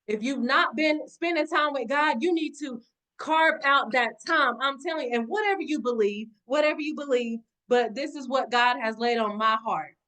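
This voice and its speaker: A woman's voice: sits high, moderate pace, sharp tone. A woman giving an impassioned motivational talk on a video call, preaching with repeated exhortations and calling her audience y'all. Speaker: motivational speaker.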